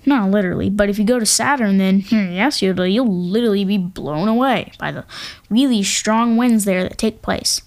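A woman's voice: medium pitch, normal speed. A woman hosting an astronomy talk, reading facts in a casual way and adding jokey asides into a home microphone. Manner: playful, jokey asides, hums drum rolls. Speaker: podcast host. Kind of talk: casual educational narration.

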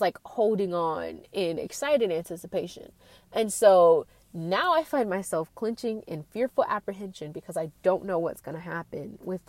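Young adult woman, college student vlogger; earnest, filler-heavy rambling; slightly low pitch, dead-dry sound. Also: a little mellow, dry recording. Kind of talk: personal reflective monologue.

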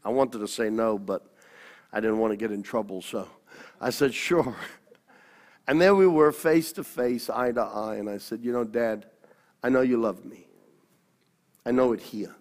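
A man preaching a personal testimony sermon, telling his story in an animated, halting way with restarts. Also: medium pitch, in a large hall.

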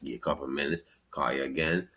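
A man with a New York accent hosting a casual podcast chat. He laughs often, swears freely and retells stories in an animated way. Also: a bass voice, fast. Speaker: podcast host.

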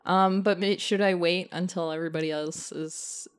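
A woman's voice: lowish voice, fairly even intonation, moderate pace, clean tone. A woman co-hosting a podcast in casual chat, telling rambling stories with giggles. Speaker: podcast co-host. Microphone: studio microphone.

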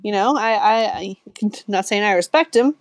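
A woman's voice: mid-range voice, moderate pace, dry recording. A woman co-hosting a casual podcast, chatty and jokey, and she laughs often as she talks. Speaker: podcast co-host.

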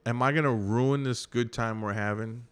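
Smooth-voiced profane storyteller, man. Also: mid-range voice, fairly even intonation, moderate pace. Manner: profane, rambling, acts out quotes loudly. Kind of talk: casual storytelling chat.

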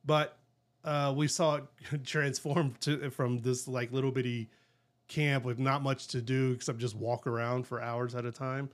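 A man's voice: medium pitch, level tone, measured pace. Chatty middle-aged man. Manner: chatty, laughs easily, rambling storyteller. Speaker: podcast co-host. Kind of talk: casual chat.

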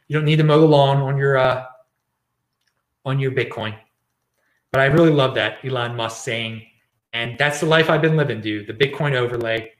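A man's voice: medium pitch, fairly bright tone. Ranting man host in an echoey room. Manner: ranting, repeats words and restarts. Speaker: show host. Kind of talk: casual political commentary.

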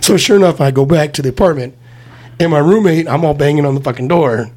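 A man's voice: a little high, fast. A man telling profane drinking stories in casual podcast chat, acting out the quotes as he goes. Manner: profane, animated storytelling with acted-out quotes.

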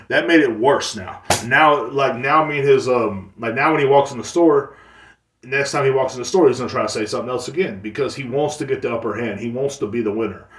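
A man's voice: medium pitch, a bit bright. Rambling, boastful man in a roomy space. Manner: rambling, boastful, crude, frequent fillers and restarts. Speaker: podcast host. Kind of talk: casual monologue podcast. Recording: roomy, distant mic.

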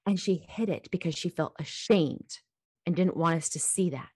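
A woman co-hosting a casual podcast, telling stories in an animated, emphatic way. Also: lowish voice, normal speed, breathy edge, no echo, studio quality. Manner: animated storyteller, emphatic, emotional. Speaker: podcast co-host.

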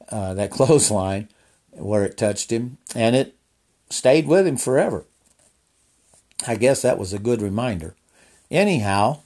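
A man's voice: mid-range voice, darkish tone. A man casually telling a personal story in a folksy, rambling way with restarts and asides.

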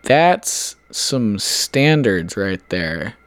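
A young man co-hosting a casual podcast chat, laid-back with slow, dry deadpan remarks. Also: lowish voice, no echo. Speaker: podcast co-host.

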